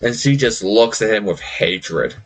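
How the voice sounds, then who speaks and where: Male game master, casual rambling narration, lively pitch. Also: husky. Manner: loose, rambling, quick to laugh.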